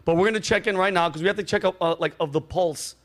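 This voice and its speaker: A man's voice: high voice, fast talker. A man hosting a comedy show, bantering and laughing often while running improv games. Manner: laughs a lot, breaks into giggles. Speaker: host.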